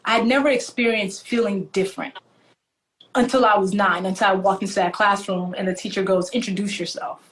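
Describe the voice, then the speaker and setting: A woman from Nigeria, animated and laughing often as she tells stories in a conversational interview. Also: mid-range voice, fairly quick, slight background noise. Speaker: author and guest.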